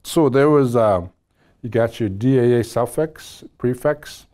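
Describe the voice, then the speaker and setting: A man's voice: medium pitch, unhurried, dark tone. A middle-aged man teaching a language class, patiently repeating words and spelling them out.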